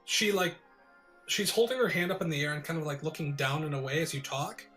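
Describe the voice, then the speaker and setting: A man's voice: a little high, animated, a little fast, fairly bright tone. A man acting as game master, narrating a tabletop role-playing game in a descriptive storytelling manner. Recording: faint background music.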